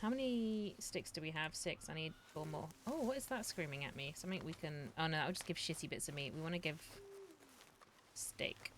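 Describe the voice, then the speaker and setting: A young woman streaming live, giving casual, excitable, profane commentary on her game and talking to her chat. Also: deep voice, a little fast, a little hiss or hum.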